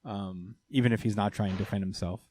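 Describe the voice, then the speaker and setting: A man with a fairly low, warm, steady voice talks a little fast, with no echo. Co-hosting a podcast, he loosely retells an anime episode in casual chat, rambling and full of fillers.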